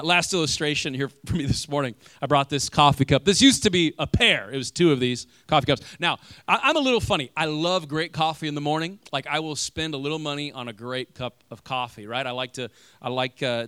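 Animated young pastor preaching a sermon. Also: male voice, a little high, clean tone, dry recording, clean studio sound. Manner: animated storytelling, rising loud when acting out arguments; casual, many fillers like "you know" and "like".

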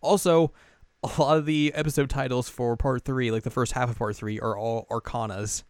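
Man, podcast co-host, relaxed halting chat, smooth voice, dry close sound. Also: mid-range voice, no echo. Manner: laid-back, halting, many fillers like "like". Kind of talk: casual chat.

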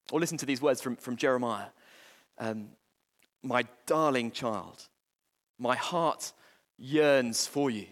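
Earnest preacher in a reverberant hall. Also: male voice, a little high, a bit bright. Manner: earnest, halting, many restarts and fillers. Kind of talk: sermon.

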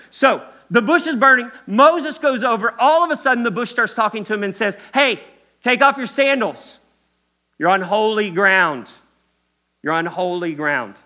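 A man preaching with a lively, swooping delivery. His voice sits high and sounds bright and forceful. He acts out the lines he quotes and speaks straight to his listeners. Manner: animated preaching, acts out quotes, addresses crowd as guys and y'all. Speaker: pastor. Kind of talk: sermon.

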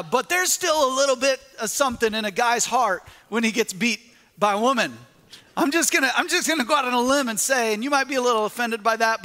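A man preaching a sermon, telling a personal story in an animated way and acting out his own reactions. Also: sits high. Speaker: pastor. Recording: echoey hall with long reverb.

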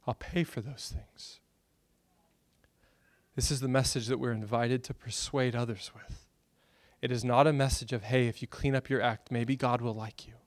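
A pastor, preaching a sermon and telling stories with bursts of loud excitement. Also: male voice, mid-range voice, normal speed, no echo.

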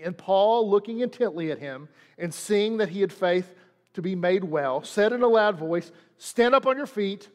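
A man's voice: high-pitched, long reverb tail. A man preaching a sermon as pastor, repeating lines and leaning hard on them for emphasis. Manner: preaching with dramatic emphasis and repetition.

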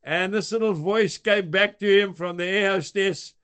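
A man's voice: high-pitched, normal speed, smooth. A man giving a short daily devotional, telling anecdotes with chuckles. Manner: warm storytelling with chuckles. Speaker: devotional speaker.

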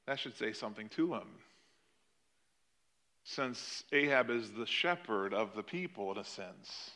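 Bright-voiced animated male preacher. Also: on the low side, measured pace. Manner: animated storytelling, acting out quoted lines. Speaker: pastor. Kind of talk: sermon.

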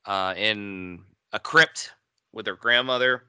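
Guy on a podcast, bright forceful voice, slow easy pace, laughs a lot, dry close sound. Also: fairly low pitch, clear, resonant tone, no echo. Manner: animated, laughs often, retells the plot. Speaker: podcast co-host. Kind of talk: casual chat.

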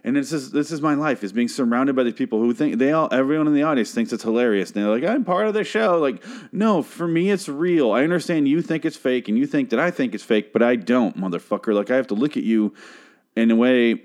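A man's voice: mid-range voice, quick pace, darkish tone. A young man giving a casual, profane, exasperated recap of a TV show.

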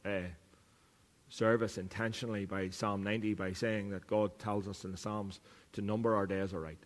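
A man's voice: lowish voice, flat delivery, moderate pace, long reverb tail. A man preaching a sermon as pastor, earnest, repeating key lines for emphasis. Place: church.

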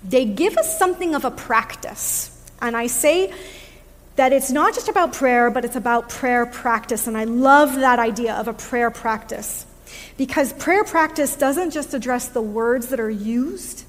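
A woman giving a sermon in a reflective way, pausing on fillers and laughing softly now and then, recorded in a church. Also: a little high, big-room sound. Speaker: preacher. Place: church sanctuary.

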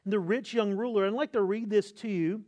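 A man's voice: high voice, fairly even intonation, fairly quick, a little mellow. A man, a pastor, preaching an earnest expository sermon with emphatic, repeated phrases.

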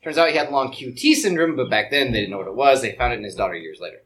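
A man's voice: mid-range voice, expressive, very fast, fairly bright tone, a little hiss or hum. A man hosting a podcast, reading out cases and joking with friends in loose, profane banter. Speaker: podcast host. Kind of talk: casual group chat. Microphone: podcast mic.

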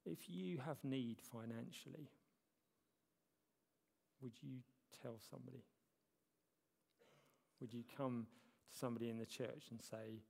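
A man's voice: mid-range voice, measured pace, gravelly, long pauses, dark tone. A man preaching a sermon as a church elder, talking conversationally with self-deprecating humor. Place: church hall. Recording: long reverb of a church hall.

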